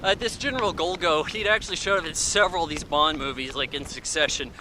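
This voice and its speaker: A man's voice: on the high side, fast, sharp tone, a little hiss or hum, low-quality recording. A man giving a casual, rambling spoken film review in an offhand way. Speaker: movie reviewer.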